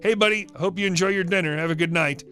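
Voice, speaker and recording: A man's voice: sits high, fast talker, bright, forceful tone, faint music behind. A man voicing a young husband who mockingly teases a rude stranger, sly and playful.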